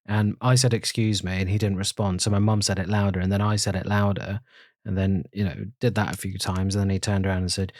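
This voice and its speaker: A man's voice: deep voice, little pitch movement, fast, no room sound, clean studio sound. A man co-hosting a podcast, telling an anecdote in a matter-of-fact way. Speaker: podcast co-host. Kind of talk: casual chat.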